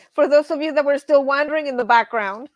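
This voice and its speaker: A woman hosting a casual live stream, telling stories in an animated way and laughing often. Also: high voice, dry recording, lo-fi sound. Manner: animated storyteller, says y'all, laughs often. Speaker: livestream host.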